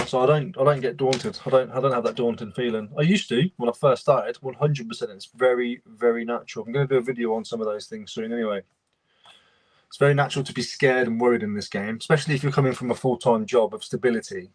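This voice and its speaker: A man's voice: mid-range voice, fast talker, no echo. A young man, casually chatting and greeting viewers by name while he works on a livestream. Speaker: reseller livestream host.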